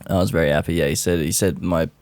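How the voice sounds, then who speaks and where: Young dude vlogging, deep voice, lots of bro, dry sound. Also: male voice, rapid-fire, no echo. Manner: animated, swears casually, says "bro" a lot. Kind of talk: casual monologue to camera.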